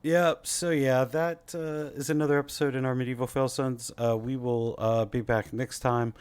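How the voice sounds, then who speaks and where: A man hosts a history podcast, wrapping up the episode in a relaxed way and leaning on lots of "uh" fillers. His voice is mid-pitched and recorded close and dry, with no room sound. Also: normal speed, smooth, dry recording. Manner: laid-back, many "uh" fillers, laughs along. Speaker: podcast host. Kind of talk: casual chat, show outro.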